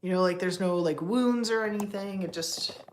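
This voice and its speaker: A woman's voice: medium pitch, normal speed, a little hiss or hum. Chatty woman cooing at her cats. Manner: chatty, laughs often, coos baby-talk at her cats. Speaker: livestream host with pet cats. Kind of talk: casual livestream chat.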